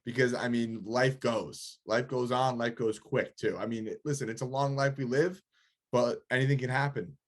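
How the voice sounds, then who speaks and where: A man's voice: medium pitch, fairly even intonation, moderate pace. A man of twenty-four hosting a casual podcast, laid-back and peppering his talk with bro and man. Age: 20s. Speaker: podcast host.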